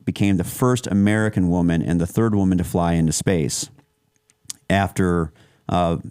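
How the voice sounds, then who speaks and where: Deep and darkish, this man's voice comes across clear and resonant as he co-hosts a podcast in loose chat full of fillers and false starts. There's no room sound, and the quality is studio grade.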